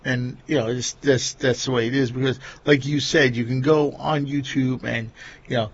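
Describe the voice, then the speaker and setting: A man's voice: medium pitch, fairly even intonation, normal speed, husky, highs cut off. A man with a Long Island New York accent, hosting a casual chat and rambling with lots of fillers. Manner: rambling, many fillers like "you know" and "like".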